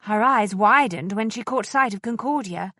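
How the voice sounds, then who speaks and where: This is a dry, studio-quality recording of a woman narrating an audiobook. Her medium-pitched delivery is measured and expressive, like a storyteller's.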